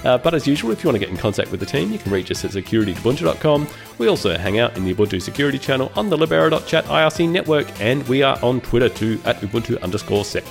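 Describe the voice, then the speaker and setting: A man hosting a podcast in a casual way, his voice croaky, with many "uh" fillers as he talks. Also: medium pitch, big pitch swings, very fast, soft background music. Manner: loose, with frequent uh fillers. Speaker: podcast host.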